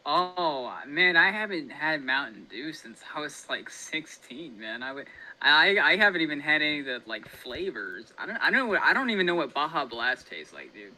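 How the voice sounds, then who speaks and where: A man's voice: a little high, sing-song, moderate pace, sharp tone, rough recording. A man guesting on a casual livestream, talking in a laid-back drawl and calling everyone man and dude.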